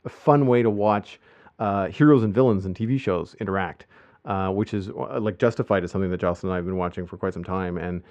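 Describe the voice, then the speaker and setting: A man's voice: sits low, fast talker, a little mellow, dry recording. A man chatting on a podcast in a loose, rambling way, with many restarts and fillers. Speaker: podcast host. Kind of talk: casual podcast chat. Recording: muffled lo-fi podcast audio.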